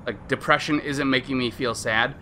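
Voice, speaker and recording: A man in his thirties streaming a video game, talking candidly and rambling, trailing off, then bursting into high excited reactions at the game. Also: normal speed, a little hiss or hum. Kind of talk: casual let's-play commentary.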